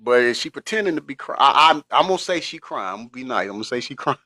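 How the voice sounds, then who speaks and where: Joking man hosting a reaction stream, bright voice with lively swings in pitch, dry close sound. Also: fast talker, no room sound. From Atlanta, USA. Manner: joking, laughs often, talks to chat directly. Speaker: livestream reaction host. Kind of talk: casual reaction commentary reading chat.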